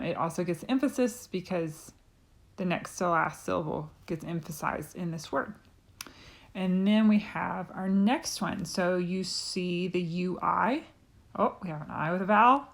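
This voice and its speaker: Unhurried woman teaching Spanish. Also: lowish voice. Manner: patient explaining with frequent ums. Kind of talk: recorded classroom lesson.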